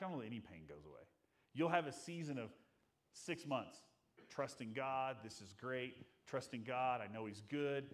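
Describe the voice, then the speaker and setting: A middle-aged man preaching a sermon in an earnest, conversational way, acting out the voices of the people he quotes. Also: medium pitch. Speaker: pastor.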